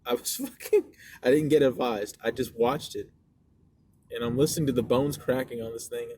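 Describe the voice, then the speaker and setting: A young man chatting as podcast co-host inside a moving car, telling animated, profane stories. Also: mid-range voice, normal speed. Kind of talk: casual chat. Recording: loud car road noise.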